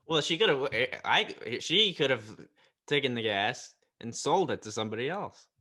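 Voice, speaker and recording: A man hosting a casual podcast chat, laid-back, chiming in with quick replies. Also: mid-range voice, very animated, sharp tone. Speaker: podcast host.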